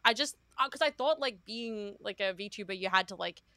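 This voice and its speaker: A woman's voice: mid-range voice, moderate pace, sharp tone, no echo, studio quality. A young Australian woman with an Australian accent, chatting casually as a guest, rambling and self-deprecating with frequent laughs. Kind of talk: casual chat.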